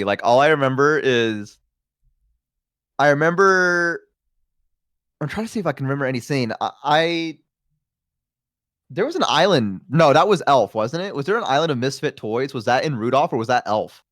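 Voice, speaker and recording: A man's voice: medium pitch, expressive, fast talker, no room sound, clean studio sound. A man guest streamer in casual chat, rambling through stories and laughing often.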